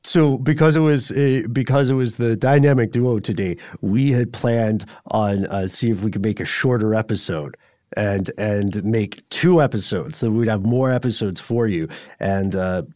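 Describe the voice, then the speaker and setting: A man's voice: on the low side, normal speed, warm tone, no echo, clean studio sound. A man co-hosting a podcast in casual chat, wry and rambling, thinking aloud with fillers. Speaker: podcast co-host.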